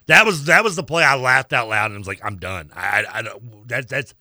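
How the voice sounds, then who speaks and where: A man's voice: mid-range voice, lively intonation, fairly quick, pushed and bright, no echo, studio quality. A man co-hosting a sports radio show, telling a story casually and trailing off mid-thought. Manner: laughing, storytelling, trailing off and restarting. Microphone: studio microphone.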